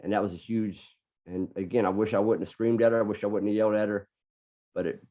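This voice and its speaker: A man's voice: on the low side, fairly even intonation, fast talker. A middle-aged man, a podcast guest, telling a personal story in an earnest way and often repeating words as he gathers his thoughts. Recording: dull lo-fi podcast audio.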